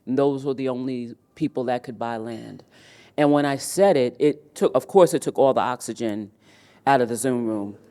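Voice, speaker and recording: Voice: medium pitch, normal speed, mellow. A man moderating a live leadership summit, speaking emphatically and often repeating words as he restarts. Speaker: panel moderator and emcee. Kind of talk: live event speech. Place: event hall.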